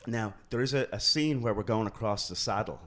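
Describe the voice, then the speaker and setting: A man guest telling a story in an interview, halting with restarts and growing animated as he retells it. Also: lowish voice. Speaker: filmmaker guest.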